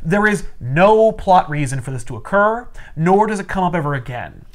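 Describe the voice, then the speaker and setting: Animated man recapping comics. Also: high-pitched. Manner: animated storyteller, acts out characters in quick voices. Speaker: comic book podcast host. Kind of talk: casual chat recapping a comic.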